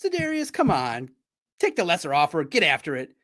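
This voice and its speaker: Man, somewhat high voice, animated and playful, live sports stream host, talking straight to viewers. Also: fairly quick.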